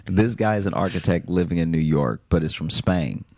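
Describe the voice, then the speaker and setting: A man's voice: deep voice, lively intonation, moderate pace, a little mellow, no echo. A man reading listener stories aloud on a comedy podcast, dry with bursts of laughter. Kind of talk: comic podcast chat.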